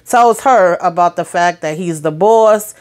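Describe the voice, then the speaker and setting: A woman with a fairly low voice talks through last night's episode like she's catching up a friend. She's chatty and lively, dropping slang and side notes as she goes. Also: measured pace. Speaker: TV show recap host. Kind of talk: casual episode recap.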